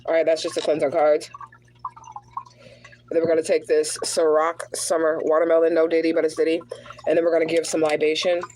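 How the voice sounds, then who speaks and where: Woman, spiritual card reader, relaxed streaming chat, direct address to viewers. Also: sits low, brisk, a little hiss or hum, low-quality recording. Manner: casual, chatty, talks straight to viewers as y'all; drops into prayerful invocation. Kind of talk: livestreamed tarot reading.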